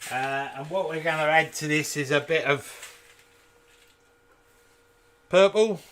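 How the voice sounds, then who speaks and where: A man with a bright, forceful, fairly high voice talks his way through a live woodturning demonstration in his home workshop. He keeps up a chatty patter full of jokey asides to the viewers. A little workshop ambience sits faintly behind him. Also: slow pace, a little hiss or hum. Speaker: woodturner and channel host.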